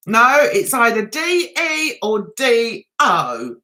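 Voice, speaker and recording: A woman's voice: fairly high pitch, huge pitch swings, takes it slowly, bright, forceful tone. A middle-aged woman with a London accent, hosting a casual livestream and chatting, teasing and giggling with her viewers. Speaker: livestream host.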